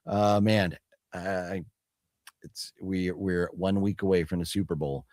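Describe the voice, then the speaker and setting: A man's voice: deep voice, slow, dry recording. Laid-back man hosting a live stream, dry sound. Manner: relaxed, laid-back, reads chat comments aloud. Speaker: host. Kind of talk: casual chat on a live stream.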